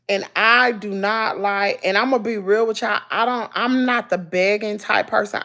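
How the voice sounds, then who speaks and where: With a mid-range, gravelly, slightly bright voice, a woman with a Southern US accent chats casually with her livestream viewers. She comes across folksy and preachy, often repeating herself to make a point.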